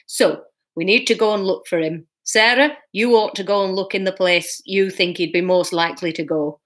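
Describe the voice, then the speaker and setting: A woman voicing a brisk, practical father who takes charge while reading a storybook aloud. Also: medium pitch, fairly bright tone, lightly acted. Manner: brisk and organising.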